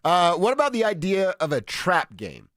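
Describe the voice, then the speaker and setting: Colorado guy cohosting sports radio, bouncy voice, talks fast with restarts, dry studio mic. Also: high voice, dry recording. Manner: animated, quick asides and restarts. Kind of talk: casual sports talk radio. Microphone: studio microphone.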